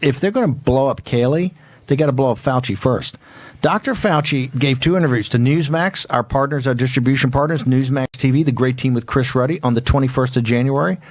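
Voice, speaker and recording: A man hosting a political talk show, speaking in a combative, rapid-fire, emphatic way. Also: mid-range voice, no echo. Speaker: host.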